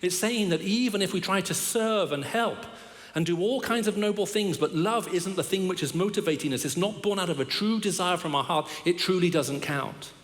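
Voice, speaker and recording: A man's voice: sits high, normal speed. A middle-aged man giving a sermon as a guest preacher, telling stories with humor and wry asides about himself. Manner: storytelling with humor and self-deprecating asides. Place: large church hall. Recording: long reverb of a big hall.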